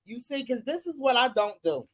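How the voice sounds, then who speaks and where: A commentator in a gossip video, reacting in a loud, profane and dramatic way. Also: medium pitch, sing-song, brisk, very noisy.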